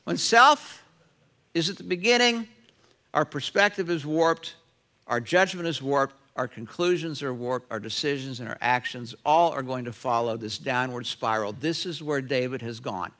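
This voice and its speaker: A middle-aged man preaching a sermon as pastor in a church, lively and often acting out the voices of people in the stories he tells. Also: mid-range voice, normal speed. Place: church sanctuary.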